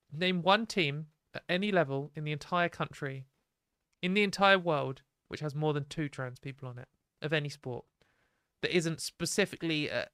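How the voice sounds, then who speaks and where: A woman's voice: low-pitched, fairly bright tone, dry recording, clean studio sound. A young British woman hosting a livestream, ranting in exasperated, sweary, sarcastic commentary. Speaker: livestream host.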